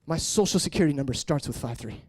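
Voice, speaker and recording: A man in his late twenties preaching an emotional personal testimony, shifting between hushed murmurs and raised, intense passages. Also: expressive, fast. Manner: earnest, swinging from hushed murmurs to raised, high-pitched intensity.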